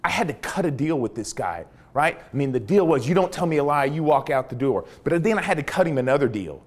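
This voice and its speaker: Animated man telling a war story. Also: on the high side, fast talker. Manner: animated storyteller, acts out dialogue. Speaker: former army interrogator. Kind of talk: storytelling talk.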